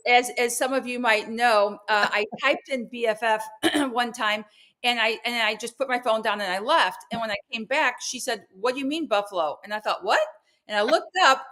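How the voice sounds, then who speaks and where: Animated, higher-voiced woman co-host. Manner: animated storyteller, quick bursts, fillers. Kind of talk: casual chat.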